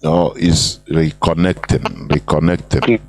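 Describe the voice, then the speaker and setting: Deep-voiced male call-in host. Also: level tone, slow. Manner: brief, formal cues to callers. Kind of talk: radio call-in hosting.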